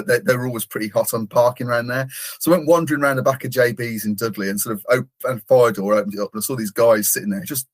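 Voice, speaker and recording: A middle-aged man from England hosts a relaxed podcast conversation. He talks at an ordinary middle pitch, jokes about himself and laughs easily between his questions. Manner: laughs often, jokey and self-deprecating. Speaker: podcast host. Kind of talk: casual chat.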